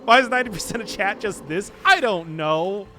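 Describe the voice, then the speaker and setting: A man's voice: high voice, animated, normal speed, pushed and bright, soft background music. A man streaming a video game, chatting casually and rambling with self-mocking humor. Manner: rambling, self-mocking, laughs at his own jokes. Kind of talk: casual gameplay commentary.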